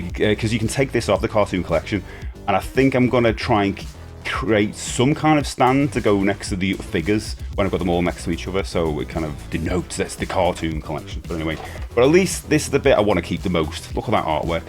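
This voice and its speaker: A man, chatting casually and enthusiastically while unboxing a collectible toy, rambling with frequent restarts. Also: low-pitched. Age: 40s.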